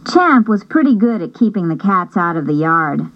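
A woman reading a first-person novel aloud as an audiobook narrator, in a measured storytelling manner. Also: fairly low pitch, sing-song, highs cut off.

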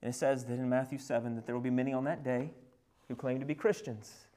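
A male pastor preaching a sermon. He retells scripture scenes with conversational asides, swinging from loud emphasis to hushed, near-whispered passages. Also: medium pitch, steady tone, fast talker.

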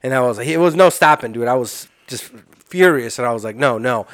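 A man from Illinois telling crude stories in casual chat, animated and blunt. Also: mid-range voice, no echo, studio quality. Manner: fast, crude, animated storytelling. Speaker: podcast guest storyteller.

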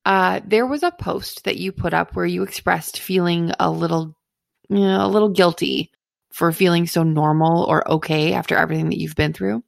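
A woman podcast host asking long, thoughtful interview questions in a measured way. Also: fairly low pitch, steady tone, creaky, no echo, studio quality.

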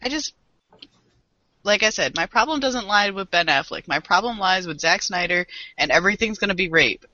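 A podcast co-host chatting casually, animated and self-deprecating, laughing often. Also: medium pitch, normal speed, no echo. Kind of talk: casual chat. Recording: dull lo-fi podcast audio.

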